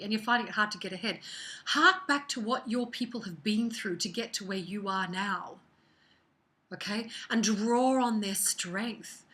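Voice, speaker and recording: Psychic lady doing her weekly card read, bright voice, chatty, drops to whispers now and then. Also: medium pitch. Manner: chatty and expressive, slipping into soft whispered asides. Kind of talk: casual weekly card reading to camera.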